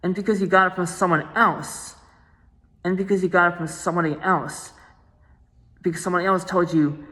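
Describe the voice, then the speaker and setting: A woman's voice: lowish voice, normal speed, a bit bright. Insistent, aggrieved woman in an echoey space. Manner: repetitive and insistent, restarting phrases, aggrieved. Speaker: vlogger. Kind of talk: casual monologue to camera.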